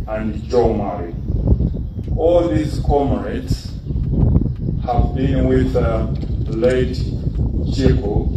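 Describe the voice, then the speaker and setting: Older man giving a slow eulogy. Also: medium pitch, heavy reverb, far from the mic, very noisy. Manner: measured, deliberate, formal. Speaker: eulogy speaker for friends. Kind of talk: formal funeral tribute speech. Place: outdoor funeral gathering.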